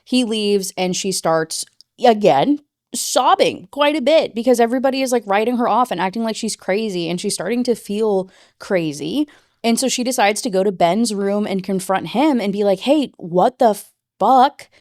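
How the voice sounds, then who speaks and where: A woman's voice: mid-range voice, lively intonation, moderate pace, a little mellow, no echo, studio quality. A woman book reviewer giving a casual rant review, chatty and full of "like" and "you know.".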